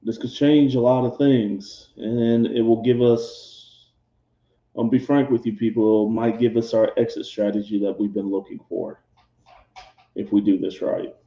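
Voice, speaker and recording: A man playing a male squad commander who rallies and briefs his team with brisk orders. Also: lowish voice, fairly even intonation, dark tone, roomy sound, highs cut off. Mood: briefing.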